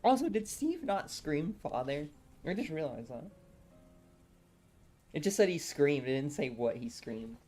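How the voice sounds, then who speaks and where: A woman's voice: deep voice, big pitch swings, measured pace, long pauses, mellow, faint music behind. A woman with a sore throat chatting casually on a live stream, laughing often and rambling through her thoughts. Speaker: streamer reading a novel aloud.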